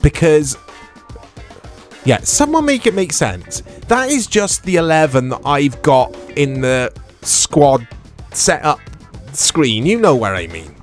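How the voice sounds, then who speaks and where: A man's voice: on the high side, slow pace, soft background music. Chatty man commentating a game. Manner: chatty, excitable reactions to play. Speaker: gaming YouTuber. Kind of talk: let's play commentary.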